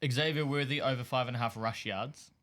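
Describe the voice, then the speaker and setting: A man co-hosting a casual sports podcast, with a mid-pitched voice. He talks in a laid-back, offhand manner and rattles through lists plainly. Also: brisk, fairly bright tone.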